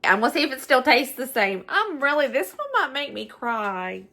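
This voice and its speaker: A woman's voice: sits high, sing-song, moderate pace, bright, forceful tone. A middle-aged woman with a Southern US accent, chatting nostalgically through a casual home cooking vlog and laughing often. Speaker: cooking vlogger.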